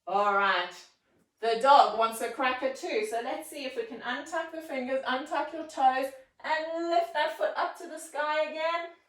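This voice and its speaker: A woman's voice: high-pitched, unhurried, a bit bright, far from the mic. A woman leading a children's yoga class, with encouraging, playful, sing-song instructions. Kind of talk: guided kids' yoga class. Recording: echoey room, voice from afar.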